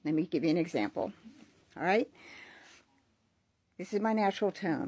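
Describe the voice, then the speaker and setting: A woman's voice: on the low side, animated, moderate pace, pauses often, a little mellow, no echo. A woman talking casually to her viewers, explaining with fillers and frequent check-ins. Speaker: social media creator.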